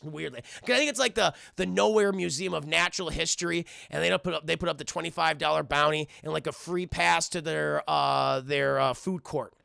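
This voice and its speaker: A man recaps a cartoon for his chat in a casual, rambling, profane way. His voice is high, very gravelly and bright, and the sound is dry and close. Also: a little fast, few pauses, dry recording. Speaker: streamer reviewing cartoons.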